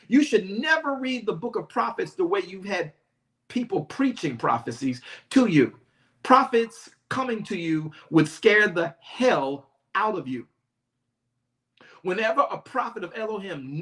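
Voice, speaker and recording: A man preaching a sermon in an animated, dramatic way, often calling out to his listeners. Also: high-pitched. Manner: uses "y'all" and direct address.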